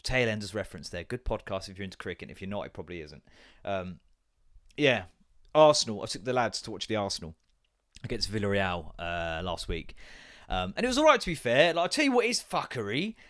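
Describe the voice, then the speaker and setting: A man's voice: on the low side, very animated, brisk, a bit bright. A man in his thirties with an English accent, chatting on his own podcast, rambling through stories, swearing freely and putting on voices for the people he quotes. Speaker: podcast host. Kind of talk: casual solo chat.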